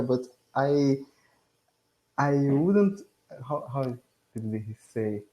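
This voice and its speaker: A man's voice: mid-range voice, expressive, slow pace, pauses often, dark tone, muffled recording. A man from Brazil with a Brazilian Portuguese accent, a student who eagerly asks questions and laughs often on a video call. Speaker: English student.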